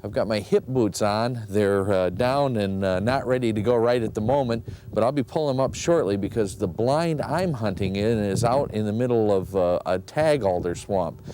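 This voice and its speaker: A man giving an outdoor field report beside his truck, relaxed and thinking aloud. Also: mid-range voice, a little hiss or hum, rough recording.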